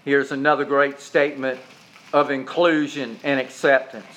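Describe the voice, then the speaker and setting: A man preaching a sermon as pastor, shifting from loud, raised preaching to low, quiet storytelling. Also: little pitch movement, normal speed. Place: church.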